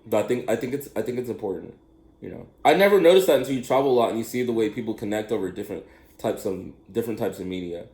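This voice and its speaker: Fast-talking animated man in an echoey room. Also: faint music behind. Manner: animated, laughs often, mimics high questioning voices. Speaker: speaker telling a personal story. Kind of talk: casual rambling monologue.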